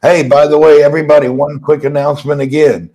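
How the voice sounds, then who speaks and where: Husky man with a softened Southern drawl. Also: fairly high pitch, level tone, fast. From Southern United States. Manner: easygoing, jokey banter. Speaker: host of a live chat stream. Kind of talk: casual live chat.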